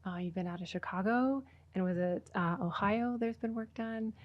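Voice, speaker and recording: A woman's voice: mid-range voice, normal speed, highs cut off. A woman hosting a podcast, chatting casually with her guest and using plenty of fillers. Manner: warm, chatty, many fillers. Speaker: podcast host. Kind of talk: casual interview.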